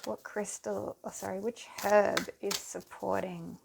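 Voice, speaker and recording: A woman giving a pick-a-card tarot reading to her viewers, talking in an unhurried, soothing way and speaking to them directly. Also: mid-range voice, little pitch movement, gravelly, background noise.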